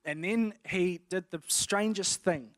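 A man's voice: sits high, slow, no echo. A man sharing a personal faith testimony in a casual storytelling way, acting out quotes and laughing along. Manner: animated, acts out quotes with laughter.

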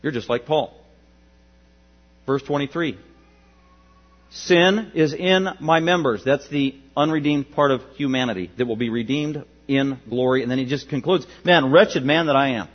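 A pastor preaching a sermon with emphatic rises to loud peaks and drops to quiet asides, his voice a bit husky. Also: medium pitch, normal speed. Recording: dull lo-fi with mains hum.

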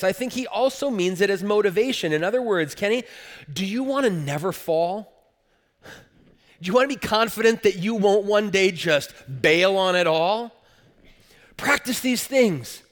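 A man's voice: a little high, a bit bright. Earnest man preaching in a reverberant hall. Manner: earnest, emphatic preaching with repeated words. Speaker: pastor. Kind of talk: sermon. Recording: long reverb of a church hall.

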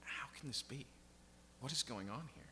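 A man's voice: medium pitch, animated, moderate pace, sharp tone, slight background noise. A man preaching an expository sermon from the pulpit, emphatic and checking in with his listeners with frequent "right?" and "okay?". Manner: emphatic, keeps asking the congregation "right?" and "okay?". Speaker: pastor. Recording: long reverb of a large hall.

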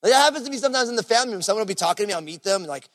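A man's voice: high voice, lively intonation, very fast, a bit bright. A man preaching a sermon as pastor in a casual, conversational way, full of fillers like "you know". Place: church service.

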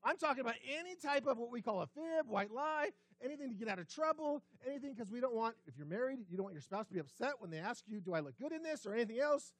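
A man's voice, high and animated, swinging widely in pitch as he preaches. He talks to the congregation with rhetorical questions and sinks to a hushed, quiet tone to drive points home. The sound is close and dry, with little room around it. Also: fast talker, hardly any pauses, no room sound. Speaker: pastor. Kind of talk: sermon. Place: church sanctuary.

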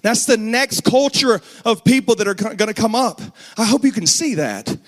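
Man, 30s, preacher, sermon, earnest, emphatic, fairly high-pitched voice. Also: expressive, normal speed. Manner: storytelling, earnest, rising to emphatic bursts.

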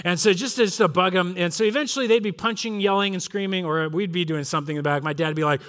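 A middle-aged man from Southern California delivers a conversational sermon, his voice sitting high for a man. He tells stories with energy and slips into the voices of the people in them. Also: fast talker. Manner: storytelling, animated, acts out voices of family. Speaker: pastor.

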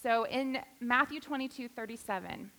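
A woman's voice: fairly high pitch, moderate pace, pushed and bright. A woman preaching a sermon to a church congregation, with playful, self-deprecating humor. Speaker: guest preacher. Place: church sanctuary.

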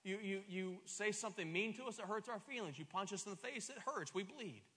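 Man, preacher, high bright voice, emphatic, repeats words, long hall echo. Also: expressive, fairly quick, husky. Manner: emphatic, repeats words when starting phrases, swings loud and soft. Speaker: pastor. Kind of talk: sermon.

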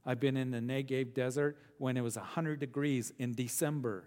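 A middle-aged male pastor teaching a verse-by-verse sermon, earnest, repeating phrases for emphasis and slowing down on key words. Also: medium pitch, steady tone, darkish tone.

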